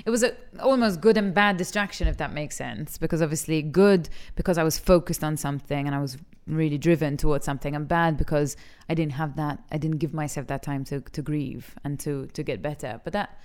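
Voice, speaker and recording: Low, smooth-voiced woman from Malta. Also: a little fast, hardly any pauses, a little mellow. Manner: candid and emotional, laughs easily. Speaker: actress and TV talent show judge. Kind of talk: frank interview conversation.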